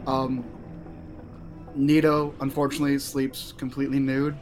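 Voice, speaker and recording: A man's voice: mid-range voice, completely flat delivery, moderate pace, over music. A man playing a tabletop game, describing his character in a loose, rambling way with many fillers. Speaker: player. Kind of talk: casual play.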